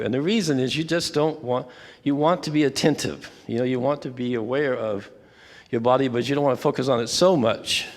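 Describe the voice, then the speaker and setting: An older man leading a church prayer workshop, talking in a relaxed, conversational way with frequent asides and restarts. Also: mid-range voice, creaky, long reverb tail. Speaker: workshop leader. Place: church fellowship hall.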